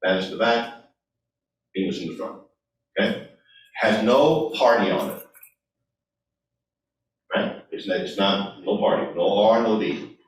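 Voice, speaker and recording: A man giving a speech at a meeting, talking in an animated way and acting out people's replies. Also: fairly low pitch, measured pace, pauses often, a little hiss or hum. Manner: animated, acts out voters' replies. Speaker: guest speaker. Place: meeting hall. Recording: echoey room, voice from far off.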